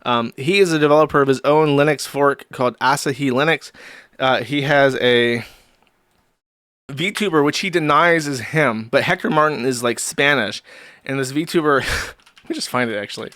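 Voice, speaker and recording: A man's voice: medium pitch, normal speed, fairly bright tone, no room sound, clean studio sound. A man hosting a livestream, ranting in crude, scornful commentary and breaking into laughs. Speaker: host.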